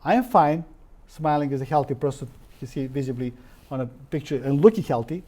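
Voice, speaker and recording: Halting man giving a lecture. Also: mid-range voice, fairly even intonation, warm tone. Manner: halting, many fillers and restarts; questioning, rhetorical asides to the audience. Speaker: naturopathic doctor giving a lecture. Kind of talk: informal lecture.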